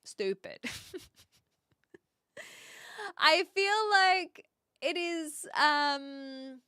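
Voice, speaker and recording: A woman with an educated New Zealand accent, chatting casually on a live stream, rambling, pausing to search for words and reading chat aloud. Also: high voice, bright, forceful tone, dry recording, studio quality.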